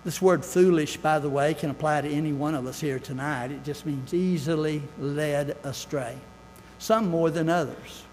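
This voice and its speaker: A man's voice: on the high side, darkish tone. Older man preaching in an echoing church. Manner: folksy and earnest, with asides and quotes of scripture. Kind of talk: sermon. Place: church sanctuary.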